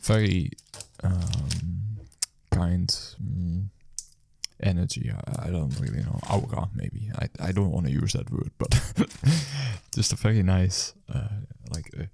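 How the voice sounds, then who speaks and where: A man's voice: low-pitched, animated, takes it slowly, creaky, warm tone, a little hiss or hum. A man who works as a food delivery rider, casually telling a story after his shift in a rambling, hesitant way full of fillers and restarts.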